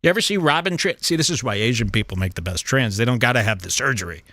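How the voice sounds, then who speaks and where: A man hosting a crude comedic commentary show, mocking and animated, reading chat aloud. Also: medium pitch, fast, no room sound. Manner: mocking, animated, puts on silly voices. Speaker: show host.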